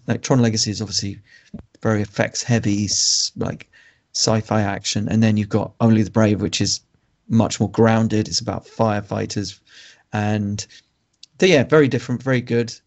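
Sex: man. Role: podcast co-host. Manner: wry and teasing. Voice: gravelly, with vocal fry. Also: fairly low pitch, a little mellow. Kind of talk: casual film review chat.

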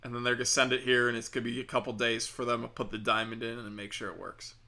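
A man's voice: mid-range voice, completely flat delivery, quick pace, bright, forceful tone. A man telling a rambling comic story, sarcastic and profane. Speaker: comedian. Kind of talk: comedic storytelling.

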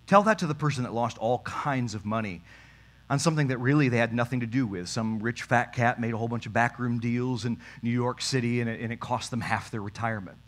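A man's voice: mid-range voice, a little fast. A man preaching a sermon as pastor, talking straight to his congregation with emphasis.

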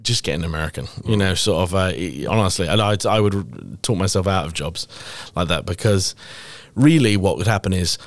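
A man's voice: low voice, lively intonation, fairly quick, few pauses, no room sound. A middle-aged British man, an actor, chatting in an interview in a rambling, self-deprecating way full of fillers and restarts. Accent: British English. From England. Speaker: actor, podcast guest. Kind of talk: casual interview chat.

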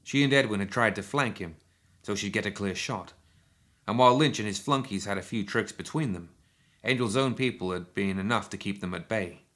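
A man narrating a written action story in a steady, measured storytelling manner. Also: lowish voice. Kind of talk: scripted audiobook narration.

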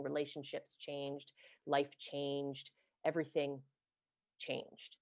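A woman hosting a podcast interview, speaking effusively with many halting restarts and gentle questions. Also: low voice, fairly even intonation, no echo, clean studio sound. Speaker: podcast host. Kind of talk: conversational interview.

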